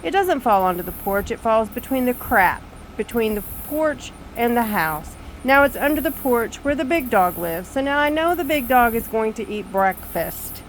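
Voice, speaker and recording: An older woman telling a story to camera on her screened back porch, animated, exasperated and poking fun at herself. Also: a little high, normal speed, slight background noise, poor audio. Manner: animated, exasperated, self-mocking. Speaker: vlogger.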